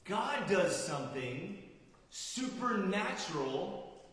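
A man preaching a sermon as pastor, emphatic, swinging from loud declarations to quiet, drawn-out lines. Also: high voice, very animated. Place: church sanctuary. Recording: roomy hall with long reverb.

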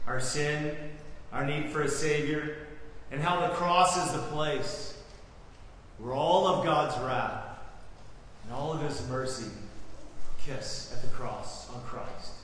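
A man's voice: a little high, takes it slowly, long pauses, fairly bright tone, slight background noise. A man preaching a sermon as pastor, earnestly calling the listeners beloved and asking them rhetorical questions. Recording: echoey hall from far off, faint ambience.

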